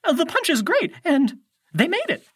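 A man's voice: huge pitch swings, moderate pace, fairly bright tone, exaggerated voice. A man voicing a nervous young male satyr who stammers and sounds breathless. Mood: flustered. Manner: stammering, breathless, high and squeaky. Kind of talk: audiobook character voice.

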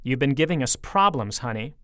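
Man doing a cold, threatening monster-teacher woman for a storybook, hard and loud, dry sound. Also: medium pitch, animated, fairly quick, no room sound. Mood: menacing. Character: menacing middle-aged woman teacher, secretly a monster.

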